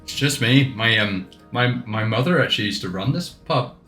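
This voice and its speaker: A man's voice: lowish voice, expressive, moderate pace, sharp tone, reverberant, soft background music. A man voicing a chatty young half-elf man, son of the pub owner, with an Irish accent and many restarts. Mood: somber.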